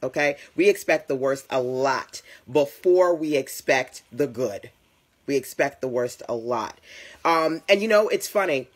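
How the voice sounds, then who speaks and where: A woman's voice: a bass voice, expressive, measured pace. A woman business coach giving a chatty motivational talk on a live stream, greeting viewers and speaking to them directly.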